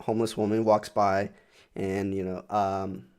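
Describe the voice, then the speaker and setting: Speaking a little slowly in a lowish voice, a young podcast co-host chats casually, and his animated, profane stories wander along with many fillers.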